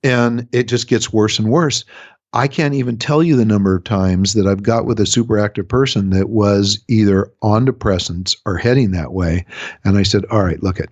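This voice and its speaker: A man's voice: on the low side, moderate pace, dry recording. A man, a relationship coach, explaining ideas in a casual radio interview, often changing his speed to make a point. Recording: dry, slightly dull radio recording.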